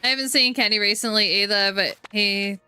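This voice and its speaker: A woman's voice: medium pitch, fairly quick, sharp tone, soft background music. A woman with a New Zealand accent streaming a video game, chatting casually with her viewers and her dog and laughing often. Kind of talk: casual chat while gaming.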